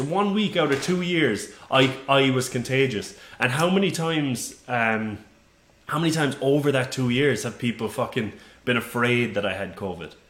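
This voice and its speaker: A man co-hosting a podcast, telling stories in casual, profane chat and jumping high when he mimics people. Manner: animated storytelling, jumps high for quoted voices. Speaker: podcast co-host. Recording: roomy echo.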